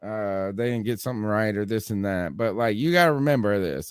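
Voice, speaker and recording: A man co-hosting a sports podcast, telling stories in a loose, profane, animated way and laughing often. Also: fairly low pitch, fast, hardly any pauses, clear, resonant tone, no room sound, clean studio sound. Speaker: podcast co-host. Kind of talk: casual chat.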